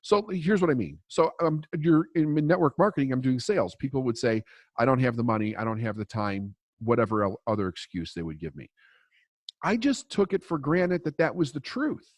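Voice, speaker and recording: A man's voice: medium pitch, very animated, brisk, no room sound. A man coaching on mindset in a podcast interview, telling a story in a blunt, emphatic way and swearing freely.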